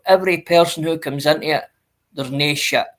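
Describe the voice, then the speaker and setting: A man's voice: fairly high pitch, a little fast, fairly bright tone. A man, a guest on a casual live-stream chat, earnest and swearing, calling people mate.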